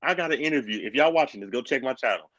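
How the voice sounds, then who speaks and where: A man, co-hosting a live reptile stream in casual, excitable chat and calling people brother. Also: medium pitch, racing, no echo. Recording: dull, dry lo-fi stream audio.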